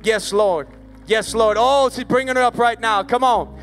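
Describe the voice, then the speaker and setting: A man's voice: very high-pitched, moderate pace, a bit bright, soft background music. A man preaching an impassioned revival sermon at an outdoor service and leading an altar call. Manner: impassioned, repetitive preaching cadence.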